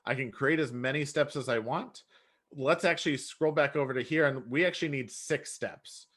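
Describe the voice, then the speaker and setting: Man walking through a software demo. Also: mid-range voice, moderate pace. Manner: relaxed, explanatory, self-correcting. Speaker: software trainer. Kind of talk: screen-share software tutorial.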